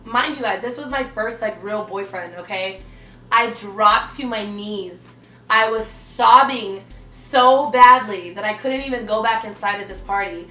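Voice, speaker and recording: A woman in her twenties telling a personal story on her vlog, animated and dramatic, acting out quotes. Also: medium pitch, measured pace, distant mic, soft background music. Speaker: vlogger. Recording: echoey room, away from mic.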